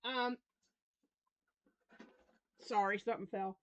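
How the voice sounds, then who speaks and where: A woman's voice: medium pitch, fairly even intonation, takes it slowly, dry recording. A grandmother in her fifties with a Southern American accent, chatting to camera about her week in a rambling, restarting way. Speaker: crochet vlogger. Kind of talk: casual chat to camera.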